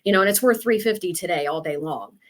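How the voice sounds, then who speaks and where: A woman's voice: on the low side, fast talker. A woman in her fifties from Ohio, a real estate agent telling her story in a chatty, casual interview. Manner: chatty, storytelling with quoted asides.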